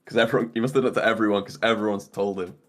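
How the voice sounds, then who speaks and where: A young man joining a stream as a guest, in relaxed, chatty conversation. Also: lowish voice, rapid-fire. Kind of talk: casual chat.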